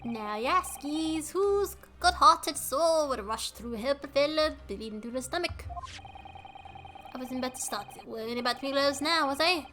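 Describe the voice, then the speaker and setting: Woman doing a bold, loud, good-hearted man with a thick put-on accent, game voice. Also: a little high, expressive, moderate pace, few pauses. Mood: indignant. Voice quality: exaggerated rough accent.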